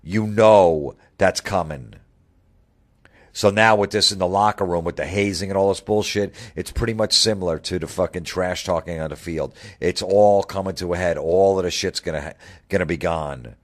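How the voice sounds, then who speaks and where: A radio host with a very low voice launches into a heated monologue. He swears freely and piles on sarcasm as he mocks the people he is ranting about. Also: normal speed.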